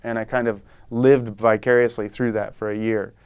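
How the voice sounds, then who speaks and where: Smooth-voiced American man telling stories. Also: on the low side, normal speed, dry recording. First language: English. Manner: chatty, animated, acts out quoted voices. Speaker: guest, photographer. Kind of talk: relaxed conversational storytelling.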